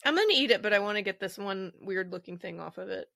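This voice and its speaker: A woman co-hosting a podcast in casual chat, telling stories in an animated, chatty way. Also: mid-range voice, quick pace, gravelly, dry recording, clean studio sound. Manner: chatty storyteller, animated retelling. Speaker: podcast co-host. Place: home recording with a drink.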